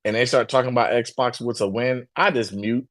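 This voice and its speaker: A man's voice: medium pitch, fairly even intonation, normal speed. Fired-up man, stammering restarts. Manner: heated, repeats himself, stammers when fired up. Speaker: podcast co-host. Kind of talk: casual gaming podcast chat.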